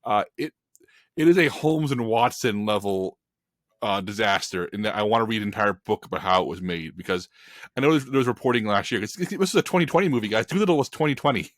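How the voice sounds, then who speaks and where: Fast-talking, emphatic male film critic. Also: lowish voice, no echo, clean studio sound. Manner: animated, emphatic, opinionated ranting. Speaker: film critic on a podcast panel. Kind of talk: casual podcast chat.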